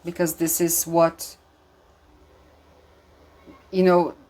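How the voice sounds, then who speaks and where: A woman's voice: lowish voice, level tone, extremely slow, mellow, a little hiss or hum. A woman giving an intuitive tarot reading, speaking earnestly and emphatically, with many fillers and restarts, and audibly moved. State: emotional, moved. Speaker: tarot reader.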